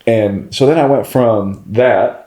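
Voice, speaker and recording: A man in his thirties with a Texan accent, chatting as a guest on a podcast, animated and quick to laugh. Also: mid-range voice. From California and Houston, Texas. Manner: animated, laughing, says bro and y'all. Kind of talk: casual chat.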